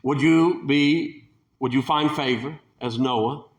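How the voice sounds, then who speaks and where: A man's voice: mid-range voice, slow pace, roomy sound. A man preaching a sermon in a fervent way, building to emphatic peaks and sometimes restarting his sentences.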